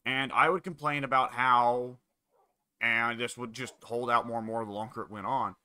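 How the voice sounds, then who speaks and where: A man's voice: mid-range voice, fairly even intonation, moderate pace, pushed and bright, clear, resonant tone. A man chatting casually with a friend while gaming, rambling with frequent fillers. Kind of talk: casual chat.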